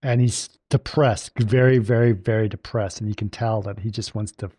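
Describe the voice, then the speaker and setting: A man's voice: lowish voice, steady tone, normal speed, mellow, slightly rough, dry recording, studio quality. A man co-hosting a podcast in a casual film discussion, retelling scenes with restarts. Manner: retells scenes, talks over others, restarts. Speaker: podcast co-host.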